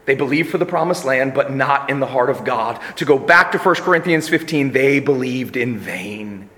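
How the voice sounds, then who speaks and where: A man preaching a sermon, moving from quiet reflective passages to loud, emphatic ones. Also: medium pitch, animated, moderate pace. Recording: echoey hall reverb.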